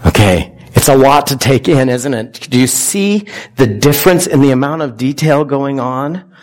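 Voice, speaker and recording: Man, mid-pitched pastor; casual, questioning sermon delivery to a church congregation. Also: lively intonation, moderate pace, darkish tone. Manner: conversational, asks the congregation questions.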